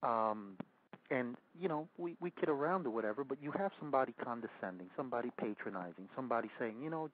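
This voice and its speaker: A man's voice: medium pitch, lively intonation, fast. A man from Cuba with a New York accent, hosting political talk radio. He speaks emphatically and often repeats himself. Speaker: radio host. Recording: tinny phone-like radio audio.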